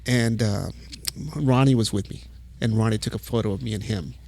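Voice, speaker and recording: A middle-aged man from El Paso, a music photographer, telling stories as a podcast guest in a casual, profane, animated way. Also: fairly low pitch, normal speed, creaky. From El Paso, Texas. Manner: profane, animated storytelling with acted quotes. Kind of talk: casual storytelling.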